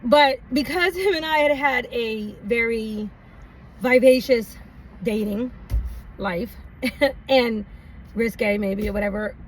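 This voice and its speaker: This vlogger's voice is on the high side, slow, with long pauses as she rambles through a personal anecdote, laughing frequently and leaning on fillers. The mic sits far off, and faint background noise can be heard.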